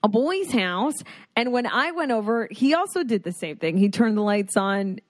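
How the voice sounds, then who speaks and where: A woman's voice: a little high, sing-song, normal speed, no room sound. A young adult woman co-hosting a podcast, chatting casually and animatedly with lots of filler words. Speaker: podcast co-host. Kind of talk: casual chat.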